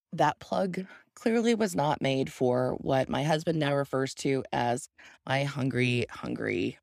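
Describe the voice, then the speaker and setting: A woman hosting her own podcast, telling a candid, self-deprecating story in a casual, animated way. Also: low-pitched, no echo, studio quality. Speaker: podcast host.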